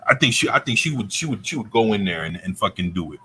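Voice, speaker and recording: A man with a slightly low voice, talking loosely in a casual online chat. He rambles and circles back, peppering his talk with fillers and swearing. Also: expressive, fast talker, sharp tone, slight background noise. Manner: rambling, filler-heavy, profane. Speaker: co-host.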